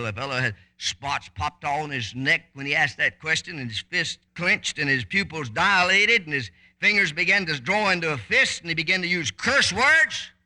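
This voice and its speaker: A preacher man delivers a fervent sermon in a very bright, slightly high voice. He breaks into sudden loud, high bursts and rattles off quick asides.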